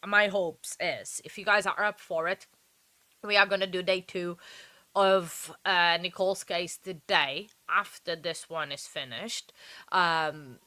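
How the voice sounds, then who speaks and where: A woman's voice: fairly low pitch, slow, bright, forceful tone, no room sound. A woman hosting a live stream, chatting and rambling to her viewers while commenting on a trial, a little sleepy. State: sleepy, yawning. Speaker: livestream host.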